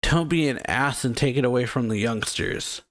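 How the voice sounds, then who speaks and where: A man reading the lines of a tipsy, wry old retired pirate, slow and drawling. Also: medium pitch, a bit bright, lightly acted.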